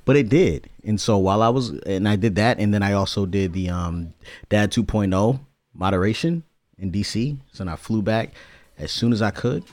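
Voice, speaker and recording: A man in his thirties co-hosting a married couple's podcast, talking loosely with many fillers and turning energetic when he hosts. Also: lowish voice, moderate pace, no room sound. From California. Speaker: podcast co-host. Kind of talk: casual chat.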